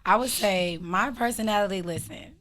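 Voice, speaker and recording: Emphatic, bright-voiced woman from Chicago. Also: mid-range voice, normal speed. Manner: blunt, emphatic straight talker. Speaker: real estate agent, podcast co-host. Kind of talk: casual chat.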